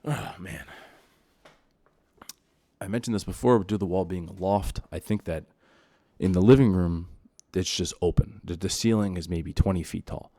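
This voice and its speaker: Low, dark-voiced man ranting. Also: moderate pace, pauses often, no echo. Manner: exasperated, repeats himself, grows louder when heated. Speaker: podcast host. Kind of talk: solo ranting monologue.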